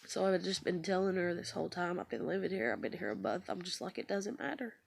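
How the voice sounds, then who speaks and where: A woman's voice: lowish voice, animated, fast, creaky. A woman, telling a personal story in a rambling, confessional way, her voice tearful and breaking. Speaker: vlogger.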